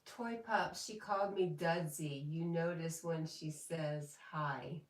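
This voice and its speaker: A woman's voice: low voice, takes it slowly. A woman hosting a casual livestream from home, chatting and reading viewer comments aloud with frequent laughs. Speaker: livestream host. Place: home, indoors. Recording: echoey room, voice from a distance.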